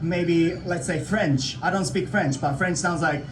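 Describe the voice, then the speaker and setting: A man's voice: fairly high pitch, a little slow, reverberant, far from the mic, background noise. A man interviewing people on the street in a friendly, playful way.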